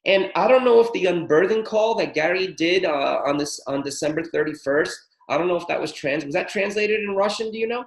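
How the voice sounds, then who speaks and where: A man leading a spiritual teaching call, excitable and profane, rattling off long lists of words in one breath. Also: high voice, creaky, echoey room, rough recording. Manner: excitable, swears freely, rapid-fire incantation lists. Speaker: spiritual workshop leader. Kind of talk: live teaching call with interpreter.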